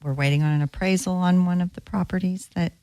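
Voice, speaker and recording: A woman's voice: fairly low pitch, fairly even intonation, fast, dark tone, no room sound. A woman co-hosting a radio show about real estate, chatting casually with many fillers and restarts. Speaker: co-host, real estate broker.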